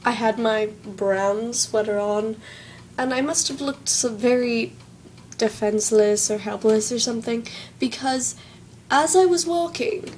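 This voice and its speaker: A woman's voice: fairly high pitch, slight background noise, poor audio. A young woman with a Southern American accent, telling a story in a chatty, wry, self-mocking way on her vlog. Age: young adult. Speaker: vlogger.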